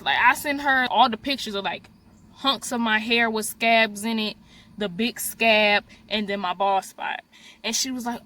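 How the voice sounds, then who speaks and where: Young woman doing a storytime vlog, kinda high bright voice, really animated. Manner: animated storyteller, talks straight to viewers as "y'all". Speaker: beauty vlogger. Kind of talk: storytime vlog, casual chat.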